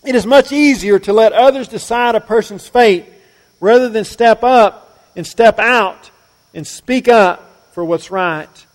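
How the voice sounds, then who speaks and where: Man, pastor preaching, fairly high voice, long hall reverb. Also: a little slow. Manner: preaching with big swings between loud emphasis and quiet, low asides. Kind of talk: sermon.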